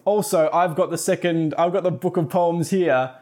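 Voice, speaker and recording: A man's voice: fairly high pitch, fairly even intonation, moderate pace, a little mellow, lightly acted. A man voicing a secretive older aunt in a casual retelling, close to his own voice. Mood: insistent.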